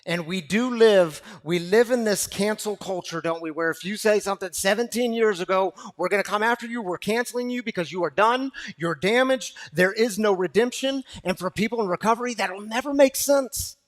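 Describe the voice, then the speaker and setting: A man preaching a sermon to a recovery gathering, impassioned and repetitive, swinging from loud to hushed. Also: high-pitched, a little fast, hardly any pauses. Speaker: pastor.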